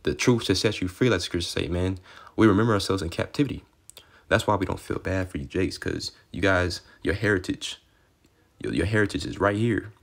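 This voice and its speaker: A man's voice: deep voice, creaky. A young man giving an informal, rambling Bible teaching, cursing freely and tagging his lines with "man" and "okay". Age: young adult. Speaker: street preacher.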